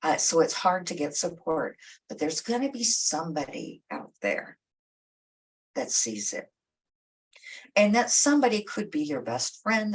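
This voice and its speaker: Woman therapist, direct coaching tone, lively intonation, husky voice, distant mic. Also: low voice. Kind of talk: advice talk. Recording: voice a bit far from the mic.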